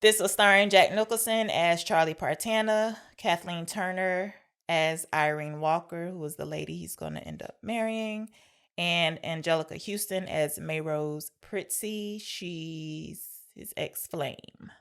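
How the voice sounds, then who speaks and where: A woman with a fairly low, slightly bright voice, clean apart from some vocal fry, keeps a measured pace. As a podcast co-host she discusses an old film casually, explaining segments and playfully arguing.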